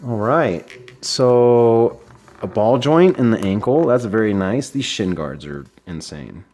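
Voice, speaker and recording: A man with a lowish, darkish voice speaks slowly but animatedly while casually unboxing and reviewing a collectible action figure. He's enthusiastic and chatty, using fillers and restarting his sentences.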